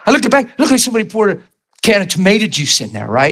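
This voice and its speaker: A man in his thirties or forties preaching a personal testimony as a story, animated, laughing often and acting out the scenes. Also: high voice, racing.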